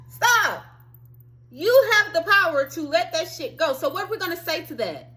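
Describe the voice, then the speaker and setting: A woman's voice: very high-pitched, bright, forceful tone, poor audio. A woman hosting a spiritual self-help talk, preaching emphatically with frequent swearing and sudden outbursts.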